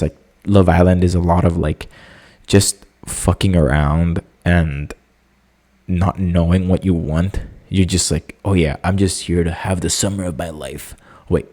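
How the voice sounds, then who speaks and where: A young man hosting a casual solo podcast, talking in an animated, jokey way with lots of fillers. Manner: animated, jokey, many fillers, squeaky excited impressions. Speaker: podcast host.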